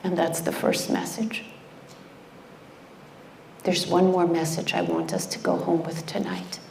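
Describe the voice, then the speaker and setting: A middle-aged woman delivers a heartfelt sermon, unhurried and deliberate. Her low voice carries a gravelly edge, and she often sinks into a near whisper to drive a point home. A faint hiss sits under the recording. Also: sing-song. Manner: impassioned, dropping to hushed whispers for emphasis. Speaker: speaker at a community event.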